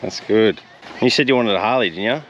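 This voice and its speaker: A man's voice: fairly low pitch, fairly quick, muffled recording. Laid-back Australian guy vlogging outdoors. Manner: laid-back, chatty, laughs often. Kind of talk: casual vlog chat. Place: outdoors by the road and beach, windy. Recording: outdoor noise from wind and traffic.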